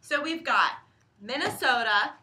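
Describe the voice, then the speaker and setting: A woman's voice: sits high, lively intonation, measured pace, sharp tone, a little hiss or hum. A young woman co-hosting a casual live book stream, joking around and chiming in playfully. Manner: playful, jokey, puts on silly accents. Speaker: co-host.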